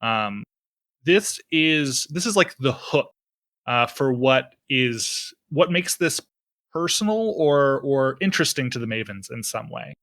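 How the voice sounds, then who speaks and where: Bright-toned man explaining game rules. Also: mid-range voice, animated, a little slow, no room sound, studio quality. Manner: loose and enthusiastic, many fillers. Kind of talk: casual explanatory chat.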